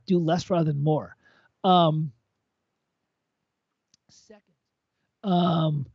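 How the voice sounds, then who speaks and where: A tipsy man chatting casually on a livestream, giving blunt, profane, excitable feedback on a viewer's composition. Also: sits high, no echo. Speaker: co-host reviewing viewer compositions. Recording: dull lo-fi dry sound.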